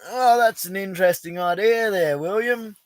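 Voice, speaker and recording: A man's voice: high voice, normal speed, dry recording. Laid-back, swearing Australian bushman. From Western Australia. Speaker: livestream host. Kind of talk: casual live chat reading comments. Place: outback bush camp outdoors.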